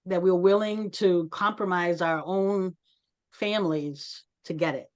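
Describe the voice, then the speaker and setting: A woman's voice: fairly low pitch, steady tone, measured pace, muffled recording. Earnest woman leading an online meeting. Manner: earnest, conversational, calls on participants. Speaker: host. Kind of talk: online community meeting discussion.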